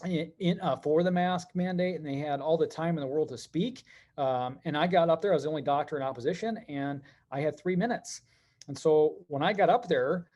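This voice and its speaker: A middle-aged man telling stories as a podcast guest, animated and quick, with many fillers. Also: fairly high pitch. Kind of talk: conversational podcast interview.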